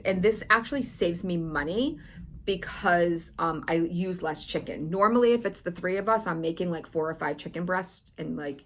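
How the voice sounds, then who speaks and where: A middle-aged woman chatting casually about her recipes, enthusiastic, with many ums and likes. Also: sits low. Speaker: weight loss vlogger.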